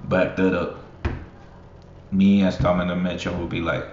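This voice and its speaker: A man's voice: deep voice, little pitch movement, normal speed, long pauses, darkish tone. A young man rambling as a basketball fan in casual solo commentary, swearing freely and laughing often. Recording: roomy, muffled, faint hiss.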